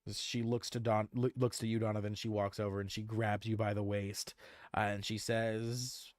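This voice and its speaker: A man's voice: lowish voice, little pitch movement, moderate pace, dry recording, studio quality. A young man narrating as game master of a tabletop game, rambling and restarting words.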